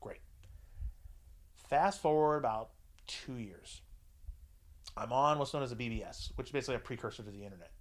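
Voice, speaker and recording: The audio is poor as a man in his forties shares a profane personal story in casual conversation. His pace is brisk but broken by long pauses, and he's crude throughout, cursing freely and putting on higher voices to imitate others.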